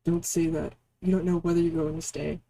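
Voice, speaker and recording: A woman's voice: sits low, level tone, a little fast, dark tone. A woman reading the lines of a bitter, self-pitying young man in a story game, with a sulky, sarcastic delivery.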